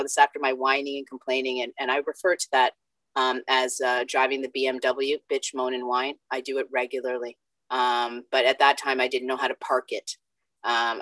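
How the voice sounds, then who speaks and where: A woman with a strikingly deep, low voice speaks in a personal share at a recovery meeting. She is blunt and self-mocking, with frank profanity. The sound is dry and close, over a video call. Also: fairly bright tone, no echo, low-quality recording. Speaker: recovery meeting member sharing.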